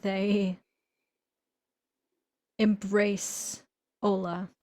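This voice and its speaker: A woman player describing her character's actions in a tabletop role-playing game, in measured, building speech. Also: mid-range voice, fairly even intonation.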